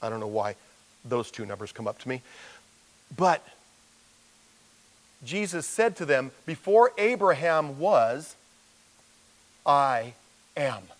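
A man's voice: mid-range voice, low-quality recording. A man as pastor, teaching a verse-by-verse sermon in a conversational way and acting out the voices he quotes.

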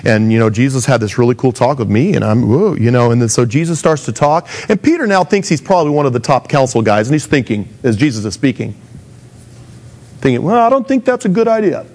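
A man's voice: medium pitch, brisk, darkish tone. A man preaching a sermon in a casual, conversational way, acting out the voices of the people he quotes. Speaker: pastor.

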